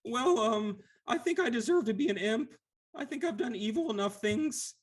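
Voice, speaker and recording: A man voicing a timid sludge-creature lemure that whimpers, stammers and keeps apologizing in a tearful, high voice. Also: expressive, moderate pace.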